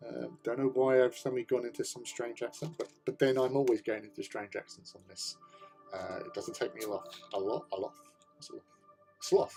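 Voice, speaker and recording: A man's voice: mid-range voice, fairly even intonation, moderate pace, creaky, mellow, soft background music. A man hosting a casual hobby livestream, chatting while he paints miniatures, joking and laughing often as he greets viewers. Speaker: livestream host.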